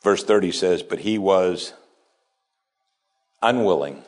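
A man's voice: deep voice, slow. Man preaching with dramatic emphasis. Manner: preaching with wide swings between hushed asides and raised, emphatic lines. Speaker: pastor. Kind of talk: sermon.

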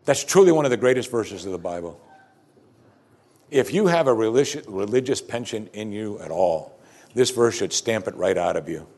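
A man's voice: on the low side, expressive, moderate pace, darkish tone. A man preaching a sermon as pastor, earnest and emphatic, repeating key phrases and breaking into conversational asides between scripture readings.

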